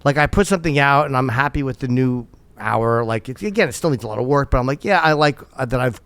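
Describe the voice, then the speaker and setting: Podcast host, middle-aged man, gravelly and blunt, dry close sound. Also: medium pitch, fast talker, fairly bright tone, no echo. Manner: blunt, profane, self-deprecating. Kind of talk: casual comedians' chat.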